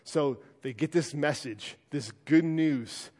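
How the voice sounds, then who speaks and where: A man's voice: a little high, takes it slowly, darkish tone. A man preaching a sermon in a plain, conversational way, with many fillers and restarts. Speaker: pastor. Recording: long reverb of a hall.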